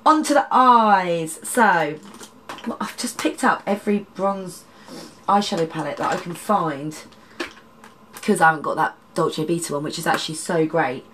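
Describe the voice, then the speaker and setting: A woman, a makeup artist, chatting through a makeup tutorial with a congested, nasal, slightly husky voice and rambling asides. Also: on the low side, moderate pace, a bit bright, a little hiss or hum. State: congested, nasal from hay fever.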